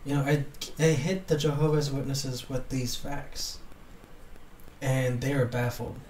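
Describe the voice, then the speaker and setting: A young adult man telling a story in casual chat, animated and laughing often as he acts out what people said. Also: medium pitch, a little slow. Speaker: podcast co-host. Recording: roomy, distant mic with faint noise.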